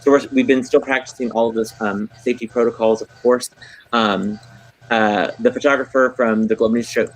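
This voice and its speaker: A man's voice: mid-range voice, fairly even intonation, normal speed, low-quality recording. Gushing man hosting a chat. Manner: effusive, gushing, many fillers. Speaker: theater host. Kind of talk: casual livestream chat.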